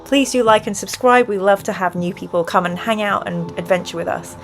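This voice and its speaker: Speaking briskly in a mid-range voice over soft background music, a woman hosts a live stream from home. She plays through a gamebook, reading the adventure aloud between rambling, chatty asides.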